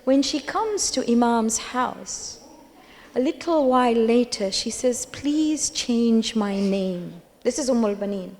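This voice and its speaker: A woman's voice: a little high, a little slow, a little mellow. A woman giving a religious lecture at a gathering, telling stories emphatically and repeating key phrases for weight. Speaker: majlis speaker. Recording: long hall reverb.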